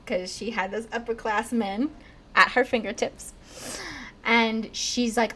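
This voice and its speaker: A woman's voice: medium pitch, slow pace, slight background noise. Chatty young woman telling a story. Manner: chatty, lots of "like", acts out quotes in lively bits. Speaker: podcast co-host telling a story. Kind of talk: casual storytelling chat.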